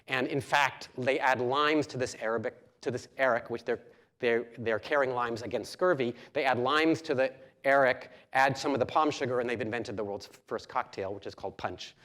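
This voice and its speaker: Man, professor, public lecture, lively storytelling, frequent ums and restarts, mid-pitched voice. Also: moderate pace.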